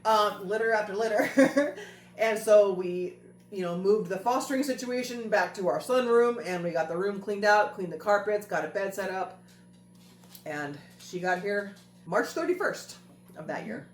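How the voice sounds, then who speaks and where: A woman's voice: medium pitch, normal speed, slight background noise. A woman host telling a family story in a casual chat, earnest and repeating phrases for emphasis. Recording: roomy echo with faint music.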